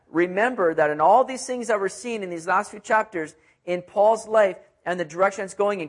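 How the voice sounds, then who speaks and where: A male pastor preaching a verse-by-verse sermon in a conversational way, often adding asides and repeating words for emphasis. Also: sits high. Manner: emphatic, repeats words when stressing a point. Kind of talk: expository sermon.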